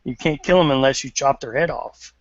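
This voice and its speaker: A man hosting a live show, reading viewer questions in a casual, halting way. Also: mid-range voice, no echo. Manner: halting, many fillers. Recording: dry, dull stream audio.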